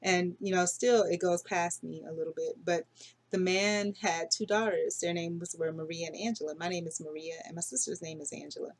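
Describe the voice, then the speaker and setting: A woman's voice: lowish voice, fairly even intonation, fairly quick. A middle-aged woman talking casually through her dreams in a rambling, unsure way, full of fillers and self-corrections. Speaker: dream vlogger. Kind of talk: casual dream diary monologue.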